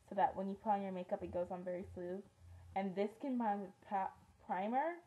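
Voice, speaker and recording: A woman's voice: mid-range voice, dark tone, highs cut off. A teenage girl chatting through a casual beauty favorites vlog, rambling with lots of ums and likes. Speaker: beauty vlogger.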